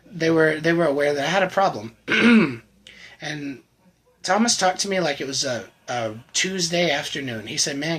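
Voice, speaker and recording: A man with a husky, breathy edge to his voice tells his own story. His tone is bright and somewhat higher than most men's, and his delivery is candid and halting, with frequent restarts and fillers as he recounts a personal testimony. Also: poor audio. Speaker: channel host telling his recovery story.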